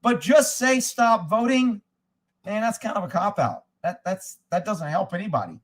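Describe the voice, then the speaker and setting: A middle-aged man with a notably high voice rants to his livestream chat. He swears freely and gets heated as he answers viewers, in a casual off-the-cuff way. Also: lively intonation, moderate pace. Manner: profane and heated, reacting to chat. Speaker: livestream host.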